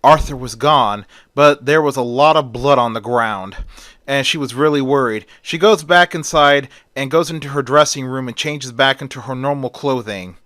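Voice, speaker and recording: Casual male storyteller, smooth tone, dry close sound. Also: mid-range voice, normal speed, fairly bright tone, no room sound. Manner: strings events with "and then".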